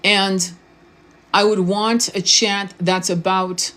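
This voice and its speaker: A woman's voice: medium pitch, level tone, slow pace, fairly bright tone. A woman spiritual coach and tarot reader talking in a casual live-stream monologue, blunt and informal, swearing freely, restarting words and often asking the viewer questions.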